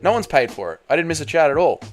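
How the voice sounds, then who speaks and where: A man's voice: a little high, sing-song, quick pace. A man with an Australian accent who streams live, chatting casually with his viewers and swearing freely. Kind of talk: casual livestream reaction chat.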